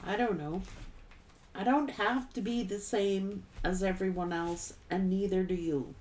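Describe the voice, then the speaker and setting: Middle-aged lady doing tarot, talks real slow, blunt and folksy, curses a lot. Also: medium pitch, steady tone, a little mellow, slight background noise. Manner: blunt, folksy, swears freely, laughs often. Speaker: tarot reader. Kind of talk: casual tarot reading monologue.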